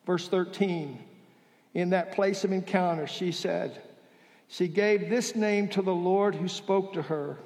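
A man preaching a sermon as pastor in a church, with dramatic pauses and soft, drawn-out emphasis. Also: high voice. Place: church sanctuary. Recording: reverberant hall.

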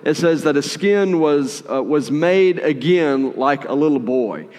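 A man preaching a sermon in a conversational, animated way, with playful asides while retelling a story. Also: fairly high pitch, unhurried, in a large hall. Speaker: pastor.

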